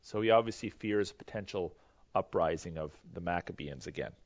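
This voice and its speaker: A man's voice: sits low, brisk. A man teaching a Bible history lesson in a conversational, explanatory way, often restarting his sentences. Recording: dull lo-fi recording.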